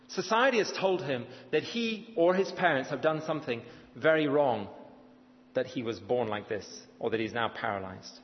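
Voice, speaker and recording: A lively male preacher delivers a sermon, his slightly high voice swinging widely as he acts out the voices in the story. The sound is dull and lo-fi, and it rings with a long echo from a big hall. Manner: animated storytelling, acting out quoted voices.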